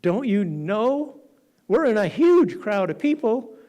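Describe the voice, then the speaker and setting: A man's voice: high-pitched, sing-song, slow pace, mellow, voice pushed up, heavily acted. Exasperated sarcastic disciples guy, as a preacher puts it on, voice swinging up and down. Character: exasperated male followers, mocking tone.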